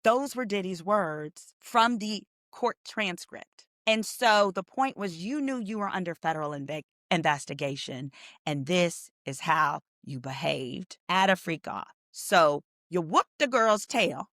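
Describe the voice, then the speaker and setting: A woman attorney, a podcast guest, telling stories in a lively way and acting out the quotes she retells. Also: lowish voice, a little slow, no room sound, studio quality. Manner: animated storyteller, acts out quotes. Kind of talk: casual podcast interview.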